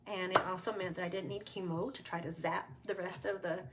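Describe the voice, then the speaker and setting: A woman's voice: fairly low pitch, fairly even intonation, noisy background. Chatty woman telling her own story. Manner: chatty and candid, with frequent fillers and quick laughs. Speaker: cancer survivor sharing her story. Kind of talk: casual livestream testimony. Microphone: webcam or phone on a livestream.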